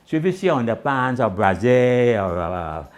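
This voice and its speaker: Animated male storyteller. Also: normal speed. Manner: animated, swinging pitch, voices the people in his tales. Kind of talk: comic storytelling in island dialect.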